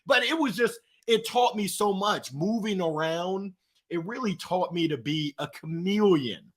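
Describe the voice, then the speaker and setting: A man guest talking in an energetic, preachy, slangy storytelling way in an interview. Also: high-pitched, unhurried. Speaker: guest, author. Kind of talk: motivational interview talk.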